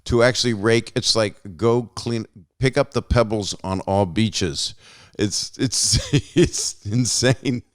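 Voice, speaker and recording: A man with a deep, smooth, resonant voice hosts a loose podcast chat. He jokes wryly and lets sentences trail off. The sound is close and dry, with no room around it. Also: takes it slowly, no room sound. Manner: joking, wry, trails off often. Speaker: podcast host. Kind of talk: casual chat.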